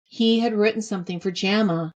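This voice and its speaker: A woman's voice: medium pitch, fairly quick, a little mellow. A middle-aged woman hosting a podcast, candidly telling a personal story and repeating phrases for emphasis. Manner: candid and heartfelt. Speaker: podcast host.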